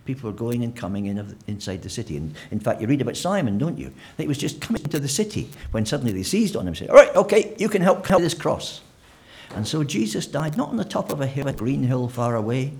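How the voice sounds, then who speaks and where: A man's voice: medium pitch, big pitch swings, quick pace, hardly any pauses, darkish tone, a little hiss or hum. A man preaching a sermon in a church, conversational and full of fillers and restarts.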